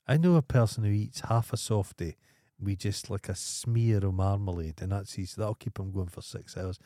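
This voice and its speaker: A man's voice: fairly low pitch, normal speed, dark tone, no room sound, studio quality. A Scottish man co-hosting a podcast in casual banter, teasing his friend and swearing freely. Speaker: podcast co-host.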